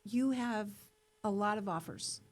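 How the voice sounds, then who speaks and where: A middle-aged woman, a company CEO, telling her story as a guest in an interview, lively and acting out the voices of people she quotes. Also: unhurried. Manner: animated, acts out quoted voices with rising pitch.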